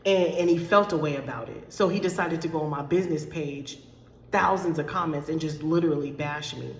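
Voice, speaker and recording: A woman's voice: sits low, a little fast, a little hiss or hum. Emotional woman life coach in echoey room. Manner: candid, emotional, repeats herself, addresses viewers as y'all. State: choked up, near tears. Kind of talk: direct-to-camera talk to followers. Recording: echoey room with long reverb.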